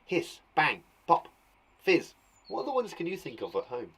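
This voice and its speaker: A man's voice: on the high side, huge pitch swings, moderate pace, a bit bright, slightly rough. Playful British male teacher. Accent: British English. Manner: playful and encouraging, acts out sound words with gasps and laughs. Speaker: primary school teacher. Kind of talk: live online lesson for young children. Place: garden shed classroom.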